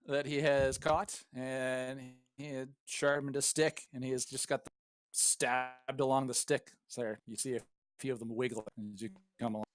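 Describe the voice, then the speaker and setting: A man's voice: mid-range voice, flat delivery, moderate pace, no room sound. A man narrating as game master of a tabletop role-playing game, describing scenes casually. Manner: casual, descriptive, chuckles often.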